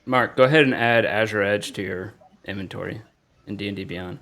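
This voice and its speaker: A man narrating a tabletop game as game master in a relaxed, conversational way. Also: on the low side, a little fast, gravelly.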